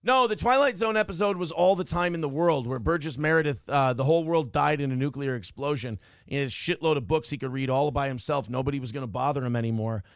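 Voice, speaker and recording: A man's voice: a little high, quick pace, hardly any pauses, no room sound, studio quality. A man co-hosting a streamed talk show, chatting in loose, profane banter and slipping into joke voices. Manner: animated, swings into jokey put-on voices.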